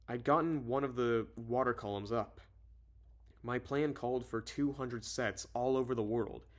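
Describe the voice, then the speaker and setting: A man reads a novel aloud and chats about it between passages, his voice at an ordinary pitch. He rambles, fills pauses and stumbles over words, then corrects himself. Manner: rambling, full of fillers and self-corrections. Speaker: reader and commentator. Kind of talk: casual read-aloud with commentary.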